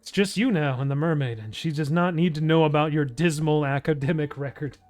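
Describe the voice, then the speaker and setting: A fairly high-voiced man rambling over a game. He is crude and loud, swears constantly and laughs a lot. Soft music plays faintly behind his commentary. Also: a little fast, hardly any pauses. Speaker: gameplay streamer.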